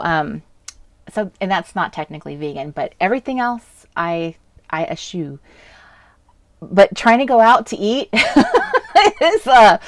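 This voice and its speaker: A woman from the US West Coast chats casually through a crafting live stream, rambling from one thought to the next and breaking into laughter often. Her voice sits at an ordinary middle pitch. She is recorded dry and close at a home desk webcam setup, with no room echo.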